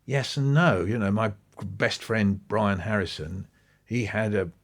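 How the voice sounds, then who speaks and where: A guest on an education-focused interview speaks in a relaxed, chatty manner, his pitch leaning low and his pace a bit slow. He spins animated anecdotes, thinking out loud with restarts and side comments, and briefly imitates the voices of people he quotes.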